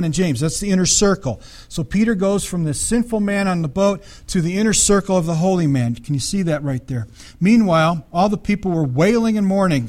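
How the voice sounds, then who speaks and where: A man's voice: high voice, a little mellow. A man preaching a sermon, reading scripture aloud and commenting on it in a conversational way, often checking in with the congregation. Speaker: pastor.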